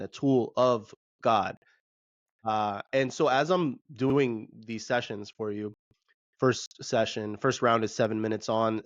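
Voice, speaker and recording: A man's voice: medium pitch, no room sound. Earnest man telling a story, lo-fi. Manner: earnest, reflective, many fillers. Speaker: podcast co-host and breathwork facilitator. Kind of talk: casual storytelling.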